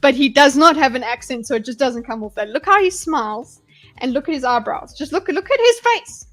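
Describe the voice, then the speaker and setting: A woman's voice: sits high, animated, a little fast, a bit bright. A woman hosting a livestream and commenting on a debate clip. She talks bluntly and with animation, swears freely and breaks into laughs. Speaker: livestream host analysing a debate. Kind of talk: live reaction commentary.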